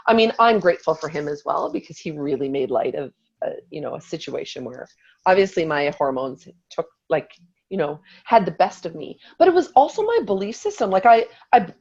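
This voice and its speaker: A woman in her forties telling a lively personal story in a motivational talk to her team, acting out what she said. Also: mid-range voice, highs cut off. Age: 40s. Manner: animated storytelling, acts out quotes.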